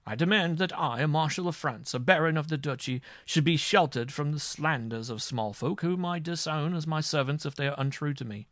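A man's voice: mid-range voice, expressive, fairly quick, few pauses, no room sound, studio quality, voice pushed up, lightly acted. A man voicing an arrogant, hot-tempered noble marshal on trial, blustering and indignant. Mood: imperious.

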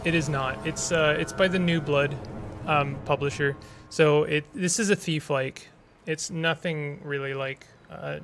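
A male streamer with a slightly high voice, talking casually through a game, often backtracking mid-sentence. A noticeable rumbling noise sits under his voice. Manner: chatty, rambling with restarts. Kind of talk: casual gameplay commentary.

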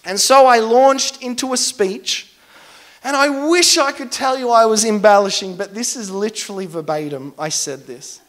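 Brief: young male pastor, high voice, animated and self-mocking in his sermon stories. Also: moderate pace. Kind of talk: storytelling sermon.

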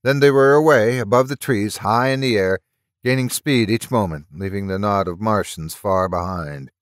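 A man narrating a horror story at a steady, measured pace, close to the mic. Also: lowish voice, no room sound. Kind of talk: audiobook reading of a story.

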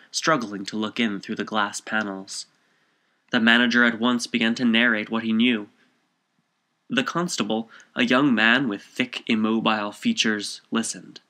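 A man reading a short story aloud as narrator in a measured, composed way. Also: mid-range voice, bright, forceful tone.

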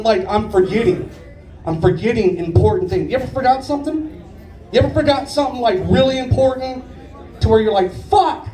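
A stand-up comedian in his late thirties tells stories in a loose, profane, rambling, conversational way, his voice high but mellow. He's picked up from far off in an echoey room.

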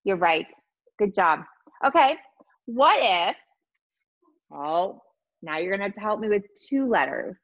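A woman teaching a virtual lesson to young children, encouraging and sing-song, sounding out letters slowly. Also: mid-range voice, dull audio. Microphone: video call.

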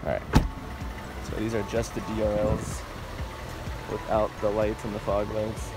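Excitable lower-voiced man vlogging his truck. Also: unhurried, over loud music. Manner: excitable, casual, says "dude" and "bro" often. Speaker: DIY car vlogger. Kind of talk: casual DIY vlog talk.

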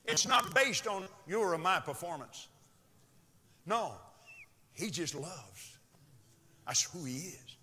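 A man preaching a sermon in a church, dramatic and swinging from loud shouts to hushed whispers. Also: high voice, very animated, slow pace, long pauses, a little hiss or hum. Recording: long reverb of a large hall.

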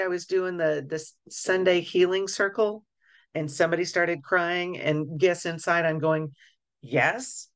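A woman co-hosting a casual podcast chat as an energy healer, thinking aloud with frequent restarts. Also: on the low side.

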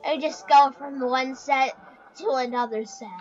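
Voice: high-pitched, fairly even intonation, measured pace, lo-fi sound, faint music behind. A performer voicing a sulking, forgotten male animatronic bear in a comedic skit, talking in a whiny, rambling, self-pitying way.

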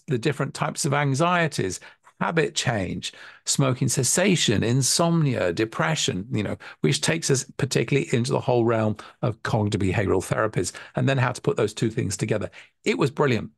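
A man speaks earnestly in a mid-pitched, gravelly voice, thinking aloud and often restarting his sentences. The sound is dry and close, with no room around it. He talks as a hypnotherapy tutor reflecting on his path. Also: no echo. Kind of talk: reflective webinar talk.

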